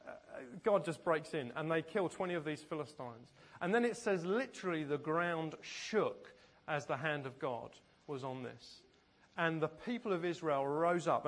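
A man preaching a sermon as pastor, telling stories in a conversational way and often laughing. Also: a little high.

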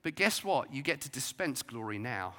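A man preaching a sermon, emphatic, rising to loud declarations and dropping to soft asides. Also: medium pitch, big pitch swings, moderate pace. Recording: long hall reverb.

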